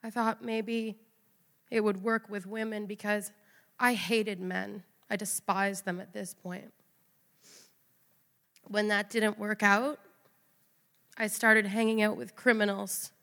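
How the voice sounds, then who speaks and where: Woman, earnest confessional testimony, raw emotion, mid-pitched voice, long hall reverb. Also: level tone, slow, long pauses, a bit bright. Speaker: speaker giving a personal testimony.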